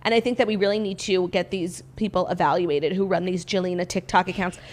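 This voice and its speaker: A woman co-hosting a casual gossip podcast, talking in quick, opinionated rants full of "like" fillers. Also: on the low side, steady tone. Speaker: podcast co-host.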